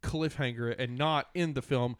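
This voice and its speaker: A man's voice: mid-range voice, fairly even intonation, normal speed, clean tone, no room sound, studio quality. Male co-host, medium voice, sarcastic casual review talk. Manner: joking, sarcastic asides. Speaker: podcast co-host. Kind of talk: casual movie review chat.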